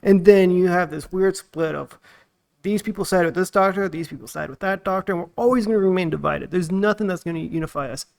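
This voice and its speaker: Podcast host guy, pretty high voice with a gravelly edge, calmly explaining his take. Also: fairly quick. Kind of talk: casual chat.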